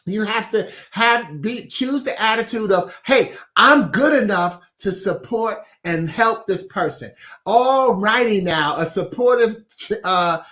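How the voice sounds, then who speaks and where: A man's voice: sits high, expressive, slow, bright, forceful tone. A man hosting a weekly inspirational message in a chatty, casual way, laughing at his own wordplay and reading out viewer comments. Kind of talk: casual motivational talk.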